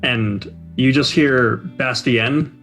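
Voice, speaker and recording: A young man narrating a tabletop role-playing game as game master, relaxed, with fillers. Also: mid-range voice, takes it slowly, soft background music.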